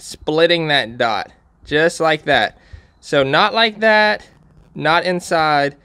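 A man with a fairly high, sharp voice hosts a repair channel, talking casually and plainly through a how-to. He walks through the steps, points things out, and repeats warnings for emphasis. The sound is clean with no room sound.

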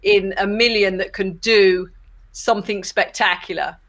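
A woman in her forties, a former athlete turned broadcaster, chatting in an interview with ready laughter and quick, enthusiastic bursts. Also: mid-range voice, fairly even intonation, a bit bright. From England. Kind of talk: casual interview chat.

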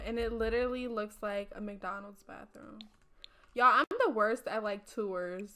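A woman's voice: on the high side, a bit bright. A young woman casually narrating a life-sim game to her viewers, chatty, slangy and freely cursing, over a desk mic. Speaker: gaming streamer. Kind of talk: casual let's-play commentary. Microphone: desk mic, no face cam. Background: faint game music.

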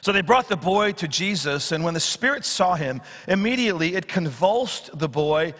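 A pastor with a high, bright voice delivers an expository sermon in a church sanctuary at normal speed, heavy with long hall reverb. He preaches with animation, acting out Bible quotes and swinging from loud to hushed.

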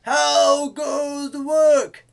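A man voicing a lazy, fat old farmer who shouts from his bed in a storybook tale, calling out high and loud. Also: monotone, drawn-out words, vocal fry, exaggerated voice. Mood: bellowing.

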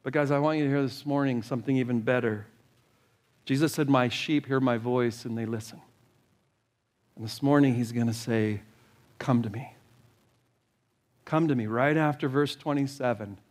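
A man's voice: mid-range voice, steady tone, normal speed, darkish tone. A male pastor preaching a sermon, talking straight to the congregation and reading scripture aloud. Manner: earnest, direct preaching, reads scripture aloud. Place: church sanctuary.

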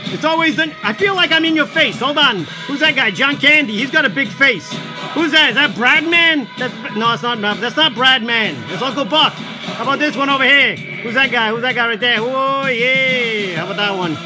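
A man chatting loudly and rambling to live-stream viewers as he shows off collectibles for sale. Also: very high-pitched, moderate pace. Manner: loud, rambling, talks to viewers while showing items. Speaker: livestream seller of collectibles. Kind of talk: casual live-stream chat. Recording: music playing behind. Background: background music.

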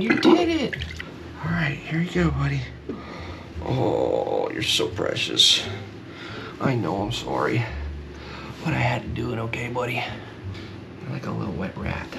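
A man sweet-talks a kitten in a gentle, often hushed voice, his pitch jumping up high for the baby talk. Water runs and splashes in the background, and the home recording has a lot of noise in it. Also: creaky. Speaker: fishing vlogger. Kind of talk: casual vlog talk. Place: indoors at home, bathing a kitten in a tub.

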